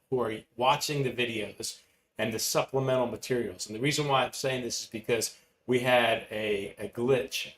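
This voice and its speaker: A man's voice: mid-range voice, slight background noise. Emphatic male coach in an echoey room. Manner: energetic, emphatic, repeats key phrases. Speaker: motivational coach. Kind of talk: live online masterclass teaching. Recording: roomy echoey room with faint ambience.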